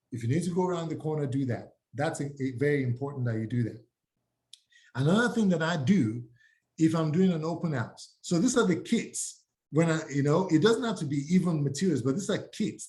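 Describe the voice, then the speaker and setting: A man teaching real estate agents, energetic and acting out sample door-knock pitches. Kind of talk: live training talk to agents.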